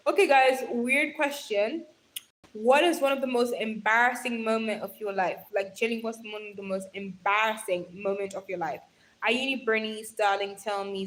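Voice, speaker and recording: A young woman chatting casually on a live stream, reading viewer comments aloud and laughing often. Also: a little high.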